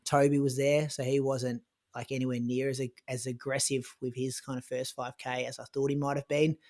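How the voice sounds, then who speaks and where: A man's voice: mid-range voice, normal speed. Chatty man retelling a race. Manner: chatty, lots of "like" and restarts, animated in retelling. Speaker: podcast co-host recounting his race. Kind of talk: casual conversational storytelling.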